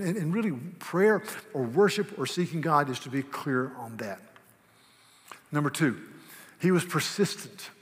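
Guy preaching a sermon, kinda high voice, lots of repeats, big hall echo. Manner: emphatic, repeats words, raises voice for quoted rebukes. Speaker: pastor.

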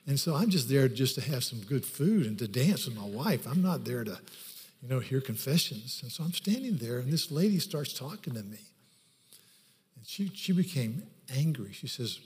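A man's voice: mid-range voice, animated, normal speed, a little mellow. A male pastor preaching a sermon, telling stories and then pressing his points from scripture with emphasis. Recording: reverberant hall recording.

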